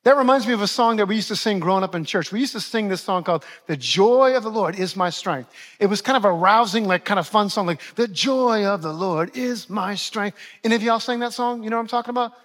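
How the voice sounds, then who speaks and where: A man's voice: high voice, fast, fairly bright tone. A man in his forties, a pastor preaching a sermon, repeating key phrases and asking the congregation questions.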